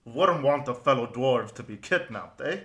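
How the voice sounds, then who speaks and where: Guy putting on a chatty dwarf railway worker, hearty, says aye a lot, bright voice in an echoey room. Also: medium pitch, animated, normal speed, muffled recording. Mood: concerned. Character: chatty friendly male dwarf station worker.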